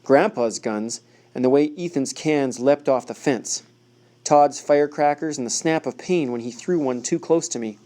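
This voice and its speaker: A male audiobook narrator reads a first-person story at an even, measured pace. His voice sits at a middle pitch with a dark, mellow tone.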